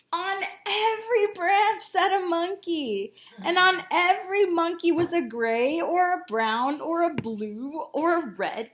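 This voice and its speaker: Lively woman reading to children. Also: high-pitched, a little hiss or hum. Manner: animated, asks children questions and has them join in. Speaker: storyteller for children. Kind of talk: picture book read-aloud.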